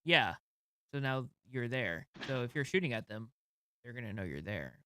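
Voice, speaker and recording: A man's voice: mid-range voice, very animated, normal speed, a crowd in the background. A man on a podcast, reasoning aloud about a game ruling with dry humor. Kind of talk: casual chat about tabletop gaming.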